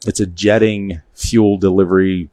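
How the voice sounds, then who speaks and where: A man's voice: deep voice, fairly even intonation, normal speed, mellow, no room sound. A man hosting a casual studio chat, telling stories. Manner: storytelling, joking, reads viewer comments aloud. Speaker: show host. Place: small studio.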